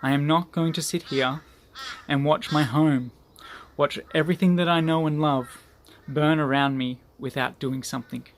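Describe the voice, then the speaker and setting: A man's voice: fairly high pitch, steady tone, normal speed, natural voice. A man doing a steadfast little hummingbird. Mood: resolute. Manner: earnest, resolute. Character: tiny determined hummingbird, steadfast.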